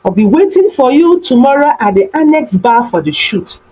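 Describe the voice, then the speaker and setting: A woman voicing a tender young man courting in an animated folktale, talking earnestly and gently. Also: high-pitched, moderate pace, rough recording. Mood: cheerful.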